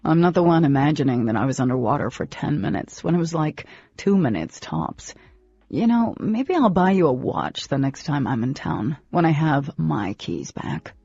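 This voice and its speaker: Cocky teenage boy in an audiobook, teasing and dismissive, low husky tone, dull recording, read by a woman. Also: sing-song, moderate pace, dark tone, no room sound, soft background music, heavily acted. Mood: mocking.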